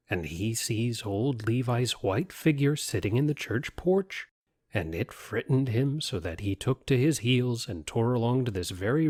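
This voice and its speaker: A man's voice: medium pitch, dry recording, studio quality. Man telling a rustic tale. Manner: lively rustic dialect storytelling. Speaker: narrator. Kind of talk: storytelling reading.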